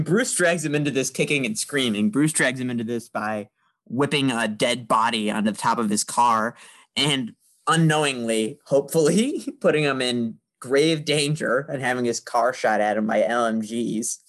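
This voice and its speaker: A man's voice: medium pitch, fairly bright tone. Chatty man sharing film trivia. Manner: enthusiastic, chatty, shares trivia. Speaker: podcast co-host discussing a film. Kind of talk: casual conversation.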